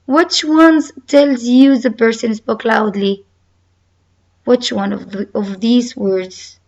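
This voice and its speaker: A woman teaching a recorded lesson with a slow, deliberate delivery, repeating key words and reading example sentences aloud. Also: a little high, a little mellow, muffled recording. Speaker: English teacher. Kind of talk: recorded online English lesson.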